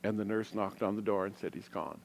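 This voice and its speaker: A middle-aged man giving a sermon as a guest minister. He tells personal stories in a reflective way, with pauses. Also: lowish voice, completely flat delivery, a little mellow. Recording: long hall reverb.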